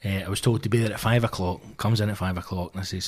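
A man in his thirties with a Glaswegian accent, a comedian swearing his way through an animated anecdote in casual podcast chat. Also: low voice, rapid-fire, slightly rough. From Scotland. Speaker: stand-up comedian guest.

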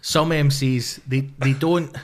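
A man's voice: medium pitch, steady tone, slow pace. Swearing Glaswegian man telling stories. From Scotland. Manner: swears a lot, acts out voices in anecdotes. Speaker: comedian guest. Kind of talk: casual podcast chat.

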